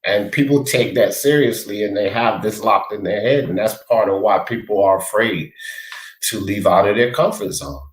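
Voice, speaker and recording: In an echoey room, a man with a lowish voice hosts a casual talk stream at a normal pace. He rambles while reading viewers' chat comments aloud and addressing them by name.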